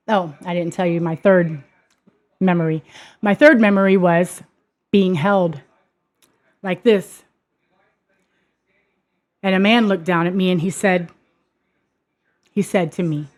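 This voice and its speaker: A woman's voice: lowish voice, takes it slowly, long pauses, darkish tone. A woman hosting her own show, telling a personal story in an earnest way that turns emphatic and heated. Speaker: podcast host. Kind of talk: personal testimony monologue.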